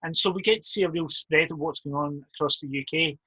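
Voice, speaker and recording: A man puts polite, measured questions to his guest. His voice is slightly high for a man and husky, and it sounds dry and close, with no room echo. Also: bright, forceful tone. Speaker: interviewer. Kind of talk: interview questions.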